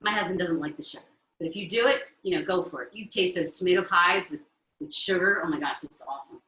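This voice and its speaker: A woman's voice: fairly low pitch, fast talker, sharp tone, roomy sound, low-quality recording. Chatty Italian-American woman cooking live. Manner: chatty, checks in with viewers often. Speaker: cooking show host. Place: home kitchen.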